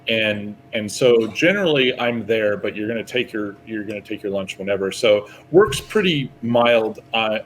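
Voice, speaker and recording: A man with a fairly low voice talks candidly as a guest on a casual podcast. His talk rambles and he laughs easily. A faint rumble sits under the recording. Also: low-quality recording. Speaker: guest artist.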